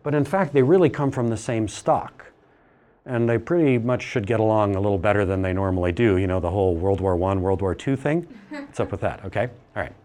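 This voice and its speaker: A middle-aged man giving a classroom lecture, animated and teasing, asking the class questions as he goes. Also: on the low side, brisk.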